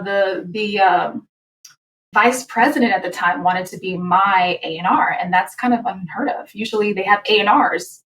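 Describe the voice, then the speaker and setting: A woman, a singer and the guest, telling her personal story candidly in a lively, quick way, with restarts along the way. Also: mid-range voice, roomy sound, distant mic, poor audio. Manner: animated, quick, with laughs and restarts.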